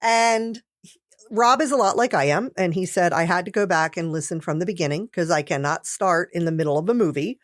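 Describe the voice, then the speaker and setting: A woman's voice: on the low side, a little fast, no room sound. A woman co-hosting a podcast, telling stories in casual chat and laughing often. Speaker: podcast co-host.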